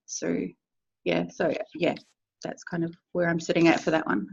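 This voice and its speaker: A woman's voice: on the low side, flat delivery, normal speed, creaky, a little mellow, husky, dull audio. Hesitant New Zealand woman on call. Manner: hesitant, many fillers. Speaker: team member in a check-in. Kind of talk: casual meeting check-in.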